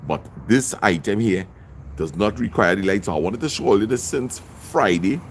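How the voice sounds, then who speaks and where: A man's voice: lowish voice, lively intonation, normal speed, a little hiss or hum. A middle-aged man hosting a livestream, reading viewers' comments and greeting them by name. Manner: chatty, shouts out viewers by name. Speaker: livestream host. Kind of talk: live-stream chat, reading comments.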